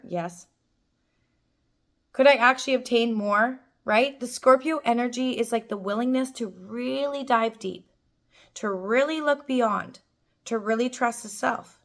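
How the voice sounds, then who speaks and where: A young woman giving a spiritual tarot reading to her viewers, enthusiastic and affirming, often saying "like" and "boom". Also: fairly bright tone. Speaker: tarot reader.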